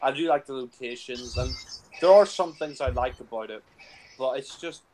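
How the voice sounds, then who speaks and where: A man's voice: mid-range voice, moderate pace, a little mellow, a little hiss or hum, poor audio. A crude, blunt man commentating casually. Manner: blunt and crude, with lots of fillers. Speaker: film commentator.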